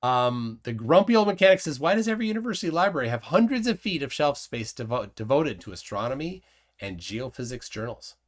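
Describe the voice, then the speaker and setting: A man hosting a casual live stream, his pitch rising and falling. He reads viewer comments aloud and keeps questioning his guest. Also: very animated, brisk. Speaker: host.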